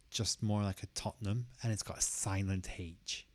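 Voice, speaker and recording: A man teaching English pronunciation, slowly repeating each word clearly for learners in a careful lesson style. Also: fairly low pitch.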